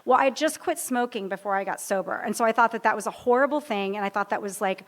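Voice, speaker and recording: A woman's voice: medium pitch, fast. A woman in her fifties telling her own story to a live audience at a recovery meeting, humorous and self-deprecating, often wandering off track. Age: 50s. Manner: rambling, humorous, self-deprecating, easily sidetracked.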